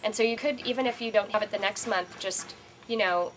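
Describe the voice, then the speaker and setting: A woman's voice: mid-range voice, fairly quick, a little hiss or hum, low-quality recording. Reassuring middle-aged woman explaining plainly. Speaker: co-host giving advice. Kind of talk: casual advice chat.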